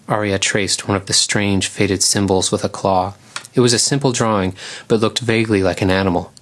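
Low-voiced male audiobook narrator. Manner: calm, measured storytelling.

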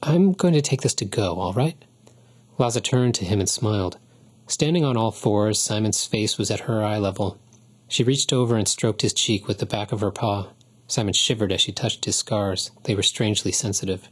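This man narrates an audiobook at a normal speed, his low voice steady and calm. Throughout, the tone stays husky and slightly breathy.

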